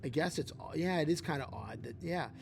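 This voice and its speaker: A man's voice: fairly high pitch, expressive, brisk, gravelly, noisy background. A man co-hosting a casual political podcast, rambling and filling his talk with "like.". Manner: rambling, heavy use of "like". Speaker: podcast co-host.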